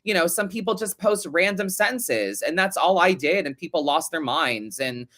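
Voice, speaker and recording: A young man talks through a casual podcast monologue, ranting with sarcasm and frequent swearing. His voice is bright and a little tense, sitting slightly high for a man. He sounds animated and exasperated throughout. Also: moderate pace. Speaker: podcast host and tarot reader.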